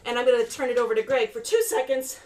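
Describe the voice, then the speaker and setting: A woman's voice: on the high side, steady tone, fast, darkish tone, reverberant, recorded from a distance. A playful, chatty woman hosting a live virtual show over a video call, talking the audience through each step. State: out of breath. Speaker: performer and host.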